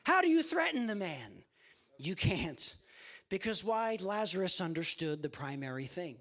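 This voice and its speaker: A man's voice: sits high, very animated, unhurried, fairly bright tone. A man preaching an impassioned sermon to a campus ministry, speaking directly to his listeners. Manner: impassioned, addresses listeners as guys.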